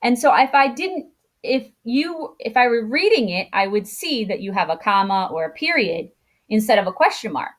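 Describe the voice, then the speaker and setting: A woman teacher explains grammar to children in a slightly high voice. She goes patiently step by step and thinks aloud as she works. She puts on exaggerated rises in pitch to show how the voice changes. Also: very animated, normal speed. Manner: acts out intonation with exaggerated pitch jumps; self-correcting, thinks aloud. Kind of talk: online grammar lesson for children.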